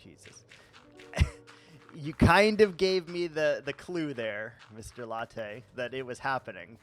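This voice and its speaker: A man's voice: mid-range voice, fairly even intonation, takes it slowly, a bit bright. A man with a Midwestern accent chatting casually on a gaming livestream, profane and rambling, laughing at himself. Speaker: streamer.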